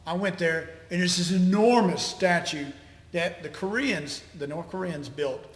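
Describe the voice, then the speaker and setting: A man's voice: high-pitched, unhurried. A man co-hosting a podcast, a veteran telling emphatic stories in casual chat. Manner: emphatic storytelling, swearing. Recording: echoey room with long reverb.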